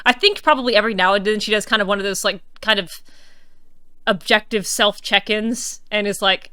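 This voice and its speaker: A woman's voice: medium pitch, fairly quick, sharp tone, clean tone, dry recording. A woman streamer chatting casually over her gameplay, musing aloud and slipping into playful mock outrage. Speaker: let's-play streamer.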